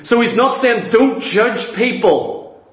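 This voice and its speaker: A man delivers a sermon in a high voice at an unhurried, deliberate pace. He hammers his points through rhetorical questions he answers himself. The sound rings with the echo of a roomy church hall. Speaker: preacher.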